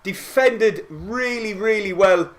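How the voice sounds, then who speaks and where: Young lad with a high voice, streaming live football reactions and swinging between yells and quiet chat-reading. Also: male voice, takes it slowly. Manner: excitable, shouting and swearing at goals, then quietly reading chat.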